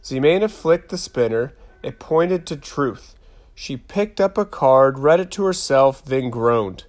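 A man narrating a first-person story in a calm, even reading. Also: medium pitch, a little slow. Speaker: audiobook narrator.

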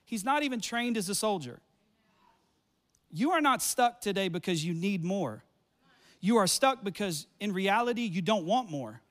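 A man preaching a fiery sermon, repeating lines and building up to shouts. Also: sits high, animated, normal speed.

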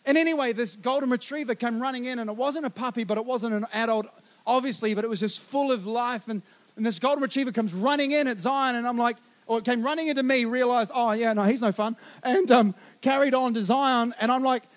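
A man preaching a sermon, telling a lively personal story and urging listeners on. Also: very high-pitched, a little fast. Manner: animated storyteller, acting out quotes, exhorting with "come on". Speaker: pastor.

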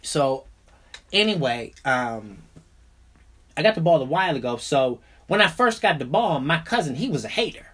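Animated, profane young man telling stories. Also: fairly high pitch, normal speed, husky. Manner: animated, profane, jumps between mumbling asides and loud outbursts. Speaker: podcast host. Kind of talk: casual comedic storytelling.

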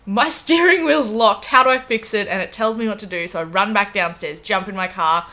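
An Australian woman in her twenties tells a story on her podcast with lively, quoted asides and a steady stream of "like". Her voice is bright and clear at a middle pitch. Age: 20s. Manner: animated, fast anecdotes full of "like" and acted-out quotes. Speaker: podcast co-host. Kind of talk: casual storytelling chat.

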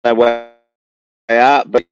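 A man's voice: mid-range voice, flat delivery, slow pace. A man in his thirties, an electrician, chatting in a laid-back, easygoing way over a remote call. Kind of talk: casual chat on a remote call. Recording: dull lo-fi remote call line.

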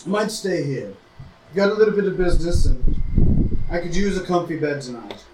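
A man runs a tabletop role-playing session, relaxed and amused, slipping in and out of character. His voice sits a little high and sounds distant from the mic. The room is echoey with steady background noise. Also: moderate pace. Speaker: game master. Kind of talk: running a tabletop game, partly in character.

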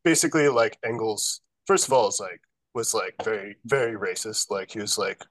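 Low-voiced man, halting, dry sound. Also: dry recording. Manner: halting, many "uh" and "um" restarts. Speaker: podcast guest. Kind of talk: casual political discussion.

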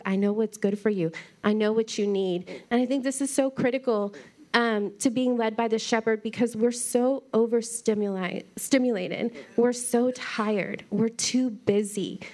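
A woman's voice: fairly high pitch, darkish tone. A woman pastor giving a conversational sermon, telling stories in an earnest, chatty way.

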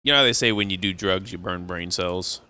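A man's voice: low-pitched, a little fast, sharp tone, clear, resonant tone. A man chatting casually on a podcast, rambling through long stories and laughing at his own jokes. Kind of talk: casual chat.

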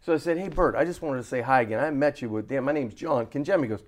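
A man co-hosting a sports talk show, telling a story in a lively way and acting out the voices of the people in it. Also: mid-range voice, racing. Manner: animated, acts out quoted voices. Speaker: co-host. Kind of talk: casual storytelling.

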